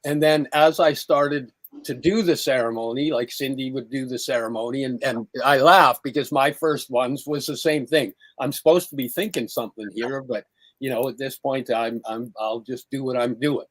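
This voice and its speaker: A man co-hosting a podcast, chatting casually in a relaxed, halting, self-deprecating way. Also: mid-range voice, no echo. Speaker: podcast co-host. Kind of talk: casual chat.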